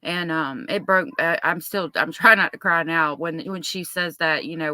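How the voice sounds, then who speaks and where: A woman's voice: low-pitched, moderate pace, few pauses, pushed and bright, dry recording. A woman hosting a casual true-crime livestream, talking in an emotional, apologetic way with many fillers. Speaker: livestream host.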